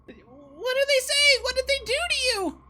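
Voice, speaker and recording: A woman voicing a young male cave goblin who is timid and speaks in halting, broken words. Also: sharp tone, slight background noise, full character voice. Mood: squeaky, timid. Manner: squeaky, halting broken speech.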